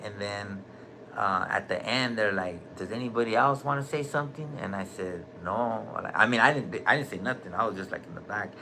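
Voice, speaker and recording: A man's voice: lowish voice, animated, fairly quick, background noise. A middle-aged man telling his own story in casual talk, candid and streetwise, saying "bro" a lot and swearing freely. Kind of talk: casual recorded conversation. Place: hospital room.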